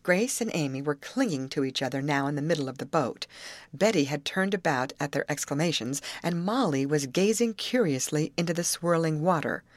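A woman reading a novel aloud as an audiobook narrator, expressive and giving each character a voice. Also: low-pitched, a little fast, dry recording.

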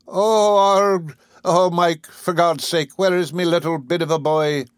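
A frantic Irish mother wails in a shrill, keening voice that climbs high, as a male narrator puts her on. The recording is dry and close, with no room sound. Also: moderate pace, no room sound, close to an everyday voice. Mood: wailing.

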